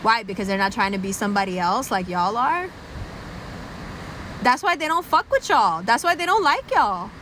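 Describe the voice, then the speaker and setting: Brash, profane woman ranting, high bright voice. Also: expressive, moderate pace, slight background noise, poor audio. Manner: brash, profane, mocking, drops into low put-on voices to quote people. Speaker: podcast host. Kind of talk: profane comedic rant.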